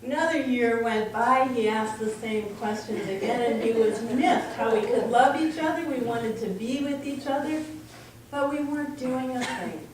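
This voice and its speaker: A woman's voice: a little high, normal speed. Woman speaking in an echoey room from afar. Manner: storytelling, acts out dialogue. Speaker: spiritual speaker. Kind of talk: sermon-style personal talk. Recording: echoey room from far off, faint noise.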